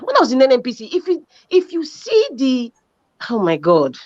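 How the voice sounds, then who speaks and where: A woman with a Nigerian accent arguing forcefully as a guest on a panel talk show. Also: sits high, wildly swooping pitch, normal speed, no room sound, highs cut off. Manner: forceful, emphatic, talks over others. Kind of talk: heated panel discussion.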